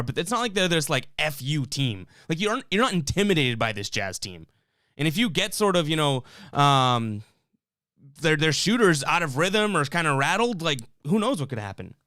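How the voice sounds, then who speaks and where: A man's voice: on the high side, bright, forceful tone, smooth, dry recording, studio quality. A man hosting a live sports fan stream, reading chat comments and ranting in a fired-up, rambling way with lots of restarts.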